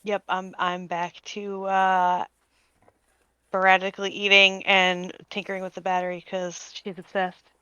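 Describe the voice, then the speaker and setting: A tired, yawning woman playing in a tabletop game and chatting in a relaxed, easygoing way. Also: mid-range voice, a little slow, clean tone, no room sound. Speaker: player. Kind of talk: casual tabletop role-play. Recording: dull lo-fi mic.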